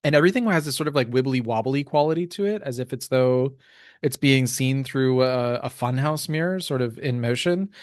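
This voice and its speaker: A man reading game rules aloud and describing scenes in a relaxed way, with many fillers. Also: medium pitch, fairly quick, no room sound, studio quality. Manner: relaxed, full of ums and uhs. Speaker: tabletop game player.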